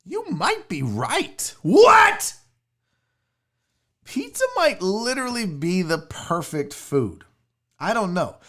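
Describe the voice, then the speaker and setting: Rambling, lively-pitched male show host. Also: slow pace. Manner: rambling, profane, jokey; fiddles with screen sharing as he talks. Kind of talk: casual livestream chat.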